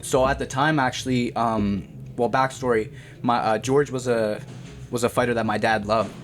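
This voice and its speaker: A man's voice: medium pitch, moderate pace, soft background music. A young man from Canada, a boxer telling his story in a casual, slangy interview and calling the host "bro". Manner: slangy and animated, says "bro" often.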